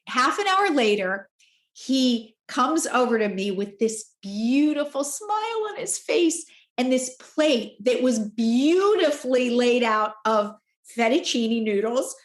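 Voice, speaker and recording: A woman in her forties, a podcast guest, telling a personal story in an expressive, candid way. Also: fairly high pitch. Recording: roomy echo.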